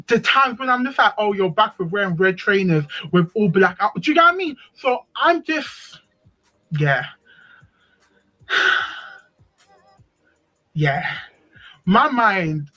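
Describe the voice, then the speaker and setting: A woman's voice: mid-range voice, fairly bright tone, muffled recording. A woman telling a personal story in casual chat, animatedly acting out what other people said. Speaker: live stream panelist.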